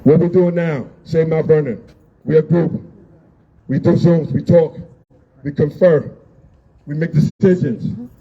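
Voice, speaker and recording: At an outdoor street rally, a man gives an emotional, blunt speech, repeating his points and yelling. His voice sits on the high side with a breathy edge and fairly even intonation, unhurried with long pauses. The sound is dull and lo-fi with faint noise.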